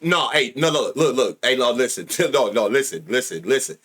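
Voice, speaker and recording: A man runs a sports betting livestream and talks loosely to his chat, full of slang and swearing. His pitch swings widely, jumping high when he gets worked up. He sits close to a desk mic. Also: moderate pace, breathy edge. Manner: loud excitable outbursts, heavy profanity, slangy. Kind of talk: casual live-stream chat.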